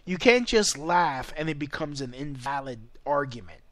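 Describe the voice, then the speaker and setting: A young man vlogger ranting in a loose, rambling way, swearing freely and laughing often. His voice sits fairly high, and the recording is close and dry. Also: lively intonation, moderate pace, a bit bright, no echo. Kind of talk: casual ranting commentary.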